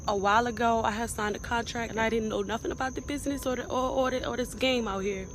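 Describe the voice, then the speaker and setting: A woman who is a rapper, making an emotional video confession in a halting, pleading, repetitive way. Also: on the high side, fairly even intonation, noisy background.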